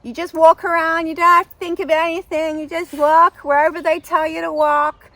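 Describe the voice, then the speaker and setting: A woman putting on a bad, exaggerated American accent as a gushing fan of tech conveniences, high and drawn out. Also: flat delivery, dry recording, exaggerated voice. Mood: mock-enthusiastic. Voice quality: high, loud, drawn-out mock enthusiasm.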